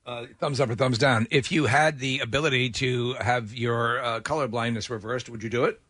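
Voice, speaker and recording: Joking male co-host with husky brightness. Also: mid-range voice, fairly even intonation, no echo. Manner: joking, quick with gags. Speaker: radio co-host. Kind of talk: casual radio banter.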